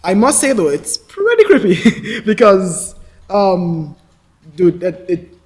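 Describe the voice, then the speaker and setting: A man with a stammer in a casual discussion, halting and repeating words, laughing at himself. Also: high-pitched, huge pitch swings, a little mellow.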